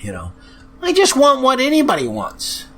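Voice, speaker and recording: A man's voice: very high voice, huge pitch swings, moderate pace, sharp tone. A man hosting a podcast, ranting in an angry, profane way with frequent sighs, sounding depressed. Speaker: podcast host. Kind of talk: ranting monologue.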